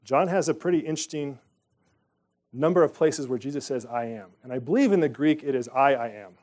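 A man's voice: fairly high pitch, fairly quick, darkish tone. A man leading a Bible study, reading scripture aloud and talking it through in a conversational way, with asides and questions to the group.

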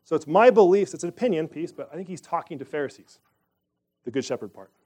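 A man's voice: a little high, expressive, quick pace, dark tone. A man leading a Bible study, reading scripture aloud and talking it through in a conversational way, with asides and questions to the group.

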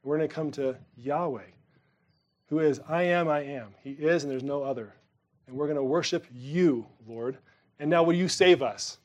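A man preaching a sermon to his congregation in a conversational way, turning emphatic on some phrases and dropping quiet on others. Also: fairly high pitch, moderate pace, lo-fi sound. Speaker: pastor.

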